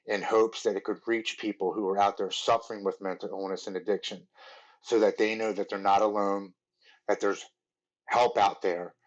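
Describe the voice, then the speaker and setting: A man's voice: lowish voice, dull audio. A man in his forties, a podcast guest earnestly telling his recovery story, with lots of "like" and restarts.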